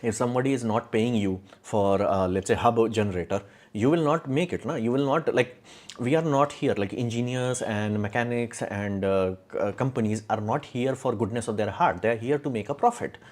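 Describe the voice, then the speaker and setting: A man's voice: mid-range voice, normal speed, a little mellow. A young man hosting a casual live stream, answering chat questions in a rambling, opinionated way with many fillers and restarts. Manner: opinionated, explains engineering in plain terms. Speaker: livestream host.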